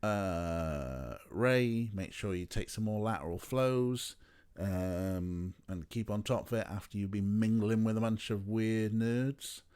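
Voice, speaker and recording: A man's voice: fairly low pitch, slow pace, a little mellow, smooth. A young man chatting casually while streaming a game, rambling with playful asides. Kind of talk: casual let's play chat.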